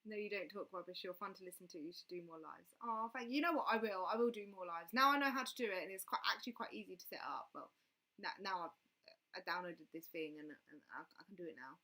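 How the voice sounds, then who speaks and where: A woman's voice: fairly low pitch, fast talker, bright, forceful tone. A young woman hosting a casual livestream, rambling with lots of "like" and restarts as she answers viewer comments. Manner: reads viewer comments aloud and answers them. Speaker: livestream host.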